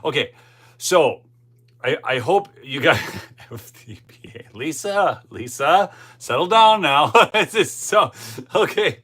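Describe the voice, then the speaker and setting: A man's voice: fairly high pitch, expressive, takes it slowly, pushed and bright, breathy edge. A man hosting a political livestream, talking casually and rambling as he keeps checking "okay?" with the audience. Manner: rambling and conversational, often tagging "okay?". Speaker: host of a political commentary livestream. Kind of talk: casual live commentary reading the chat.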